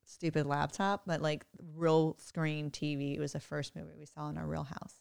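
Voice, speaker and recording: Chatty mother with a smooth voice. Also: low-pitched, normal speed. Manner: chatty, animated, laughs often. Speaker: podcast co-host, mother. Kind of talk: casual chat.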